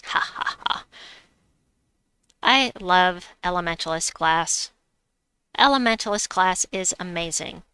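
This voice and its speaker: A woman's voice: on the low side, slow pace, long pauses, bright, forceful tone, clean tone, dry recording. A middle-aged woman hosting a game live stream, chatting casually, reading chat aloud and laughing at herself. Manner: chatty, giggly, self-mocking. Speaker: livestream gamer host.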